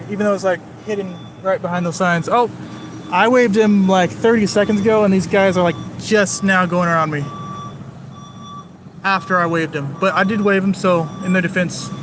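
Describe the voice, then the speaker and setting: High-voiced man vlogging live from his car. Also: noisy background. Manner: rambling, jokey, talks to chat viewers nonstop. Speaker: live-streaming driving vlogger. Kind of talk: casual live-stream chatter. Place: in a car driving through city streets.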